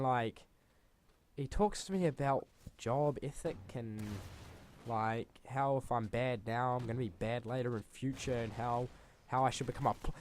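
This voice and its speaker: A man's voice: mid-range voice, a little hiss or hum. A young man, a gaming channel host telling a rambling school story over gameplay, swearing freely and exaggerating.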